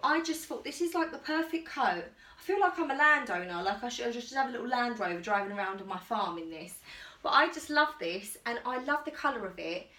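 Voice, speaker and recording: Bright, chatty woman, a vlogger rambling happily through a try-on haul. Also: fairly high pitch, animated, a little fast. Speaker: fashion vlogger. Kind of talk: casual try-on haul chat.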